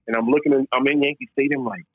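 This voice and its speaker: Male podcast guest, casual storytelling, mid pitch, muffled lo-fi sound. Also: racing, dry recording. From Louisville, Kentucky, US. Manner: animated, repeats "man" and restarts often. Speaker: former pro baseball player, podcast guest. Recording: dull lo-fi dry sound.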